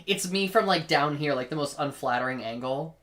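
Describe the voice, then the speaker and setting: A woman's voice: low voice, expressive, a little fast, a bit bright. A woman co-hosting a podcast, telling stories in casual chat and laughing often. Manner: chatty, laughing storyteller. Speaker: podcast co-host.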